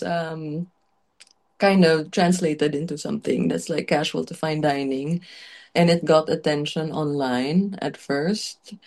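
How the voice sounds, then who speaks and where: A woman's voice: on the low side, a little mellow. A woman chef being interviewed, telling her story candidly and emotionally with many casual fillers. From Filipino heritage. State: tearful at times.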